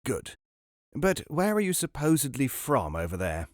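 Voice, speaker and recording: A man voicing a smooth, unflappable con man with a breezy, clubby manner. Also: medium pitch, huge pitch swings, normal speed, no echo, clean studio sound, pitched above the performer's own voice. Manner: breezy, jovial, clipped.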